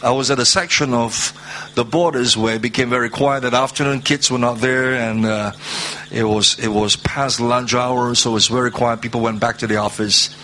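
A man preaching a sermon, reading scripture aloud and stressing words through slow repetition. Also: medium pitch, fairly even intonation, sharp tone, a little hiss or hum. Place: church hall, seated at a low table.

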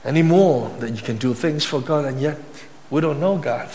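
Male pastor, sermon, fairly high voice, emphatic repetition, long hall echo. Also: normal speed, a little mellow. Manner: emphatic preaching, rising to high-pitched intensity, with repetition.

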